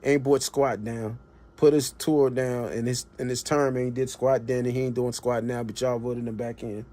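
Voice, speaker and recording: A man's voice: medium pitch, level tone, moderate pace, warm tone. A man, streaming a blunt, colloquial political rant that rises to impassioned emphasis. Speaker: livestream commentator. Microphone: streaming mic.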